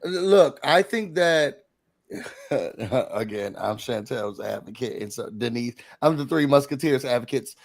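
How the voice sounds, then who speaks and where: A man's voice: medium pitch, animated, measured pace, creaky. A man co-hosting a casual reality TV recap chat, playful and joking.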